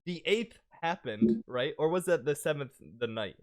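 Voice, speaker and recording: A man's voice: on the high side, lively intonation, moderate pace. A young man co-hosting a casual podcast, teasing his friend and laughing often. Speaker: podcast co-host.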